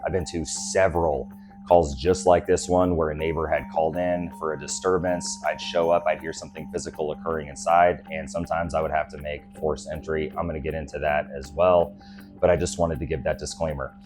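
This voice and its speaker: Very deep-voiced male commentator over music. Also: level tone, a little fast. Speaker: former deputy sheriff commenting on footage. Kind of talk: scripted commentary.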